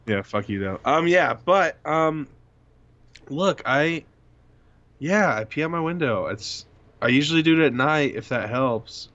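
A man's voice: on the high side, expressive, a little slow, a bit bright. A young man co-hosting a casual podcast, joking around and swearing freely. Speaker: podcast co-host. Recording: dull lo-fi sound.

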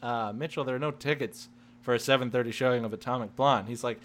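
A man's voice: medium pitch, fairly even intonation, fast talker, a bit bright, slight background noise. A young man in casual comedic chat, telling a rambling story with laughs and swearing.

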